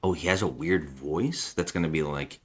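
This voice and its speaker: A man co-hosting a casual film podcast, retelling scenes and acting out character lines in an animated way. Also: rumbling low, moderate pace, husky. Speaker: podcast co-host. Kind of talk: casual chat about a film.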